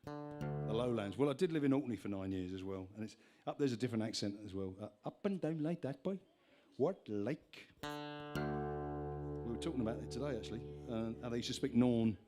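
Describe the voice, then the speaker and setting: A man's voice: lowish voice, fast, dark tone, faint music behind. A man on stage at a live gig, talking between songs in a chatty, meandering way that keeps restarting its own sentences. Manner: chatty, meandering, self-interrupting. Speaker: folk singer-songwriter performing live. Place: live music venue on stage. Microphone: stage vocal mic with monitor.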